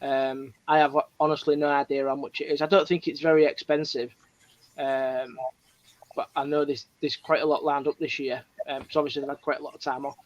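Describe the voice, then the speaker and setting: A man's voice: a little high, flat delivery, brisk. A man as a guest on a live show, talking casually with many hesitant fillers. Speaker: guest author. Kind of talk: casual conversation. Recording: dull lo-fi audio.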